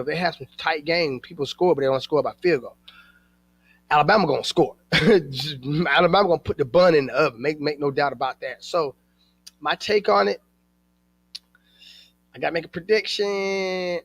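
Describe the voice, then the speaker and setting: A man's voice: a little high, fairly bright tone, rough recording. Chatty man talking to viewers. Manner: chatty, rambling, addresses viewers as guys. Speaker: channel host. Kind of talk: casual talk to camera.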